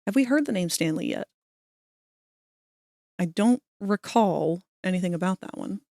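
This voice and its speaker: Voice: medium pitch, expressive, a little slow, creaky, warm tone, no echo, studio quality. A streamer giving casual live commentary while playing, swearing now and then and picking apart game bugs in technical terms.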